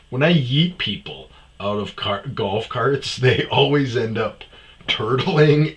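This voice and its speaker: A man's voice: fairly low pitch, fairly bright tone. Foul-mouthed man telling comic stories. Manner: profane, swears constantly; acts out quoted exchanges in raised voice. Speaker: podcast host. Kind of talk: casual comedic storytelling.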